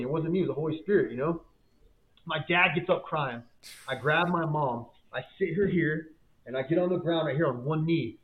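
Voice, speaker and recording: Fervent man on a tinny line. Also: medium pitch. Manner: fervent, casual slang, repeats words. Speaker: guest, business owner. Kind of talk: emotional faith testimony storytelling.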